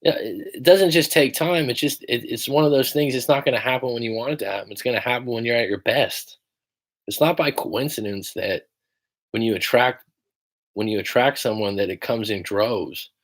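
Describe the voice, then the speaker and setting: A man's voice: mid-range voice, moderate pace. A man coaching viewers on a livestream, blunt and emphatic, swearing often as he reads and answers their comments. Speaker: relationship coach.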